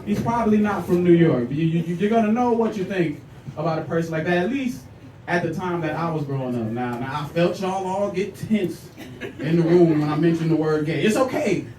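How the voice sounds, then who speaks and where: A man doing a stand-up comedy set in a comedy club, animated and teasing, talking straight to the crowd. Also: a little high, fairly quick, a little hiss or hum. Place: comedy club stage with a live audience. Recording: echoey club room from far off, loud crowd laughter.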